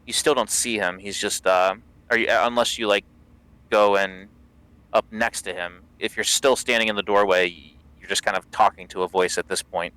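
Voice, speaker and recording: A man's voice: on the low side, steady tone, moderate pace, pushed and bright, clear, resonant tone, no room sound, poor audio. A man running a tabletop game as dungeon master, narrating with hesitant fillers.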